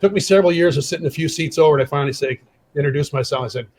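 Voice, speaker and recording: A man's voice: a little high, very fast, low-quality recording. A middle-aged man, a former hockey player, telling a story on a podcast and acting out the quoted dialogue. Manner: animated, acts out quoted dialogue. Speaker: podcast guest, former pro hockey enforcer. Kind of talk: casual storytelling.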